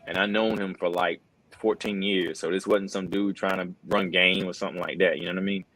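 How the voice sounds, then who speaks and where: Middle-aged male interview guest, very deep voice, earnest and casual, lots of "bro". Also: steady tone, a little fast, fairly bright tone, poor audio. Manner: earnest, says "bro" and "man" a lot, many restarts. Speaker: wrestling commentator, interview guest. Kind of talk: casual conversational storytelling.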